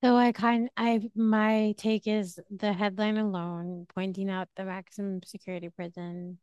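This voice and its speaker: Clear-voiced woman podcast co-host. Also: mid-range voice, little pitch movement, a little slow, a little mellow, dry recording, lo-fi sound. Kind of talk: casual chat.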